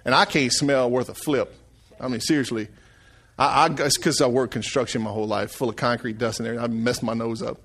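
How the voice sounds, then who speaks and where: A man's voice: medium pitch, fairly even intonation, a little fast, a bit bright. A middle-aged man preaching a sermon in a folksy, conversational way, calling out to the congregation. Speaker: pastor.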